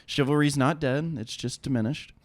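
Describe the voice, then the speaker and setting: This podcast co-host, a man in his thirties, spins an animated, profane story, laughing often and performing the quotes he recounts. He speaks at normal speed in a medium-pitched voice, with no echo on the track.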